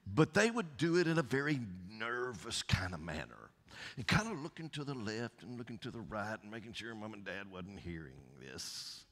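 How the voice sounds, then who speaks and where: A middle-aged man with a Southern accent preaching a folksy sermon, swinging from loud calls to soft near-whispers. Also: on the low side, very animated, moderate pace. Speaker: pastor. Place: church sanctuary. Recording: long church reverb.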